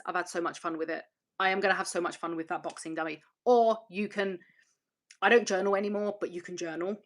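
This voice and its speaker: A woman's voice: fairly low pitch, a bit bright. A woman hosting a casual livestream, reading viewer comments and chatting candidly, rambling and swearing freely. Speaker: channel host.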